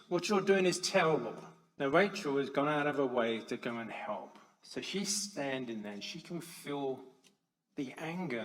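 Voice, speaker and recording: A man speaking as a conference speaker, telling stories to an audience and swinging between loud stressed lines and soft quiet ones. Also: mid-range voice, rough recording. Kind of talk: public talk to an audience.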